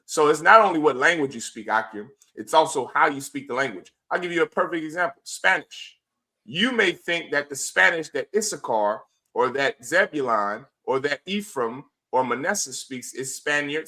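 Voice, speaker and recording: A man's voice: a little high, bright, forceful tone. A man, a priest and teacher, giving a classroom lecture and often checking whether the class understands. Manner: preachy, keeps asking the class "you understand?". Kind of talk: classroom lecture streamed online. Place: classroom with students present.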